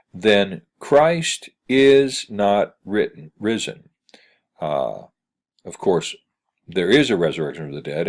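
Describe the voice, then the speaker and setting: A man teaching Greek grammar in a recorded screencast lecture, halting and full of "uh" fillers as he reads examples aloud. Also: low voice.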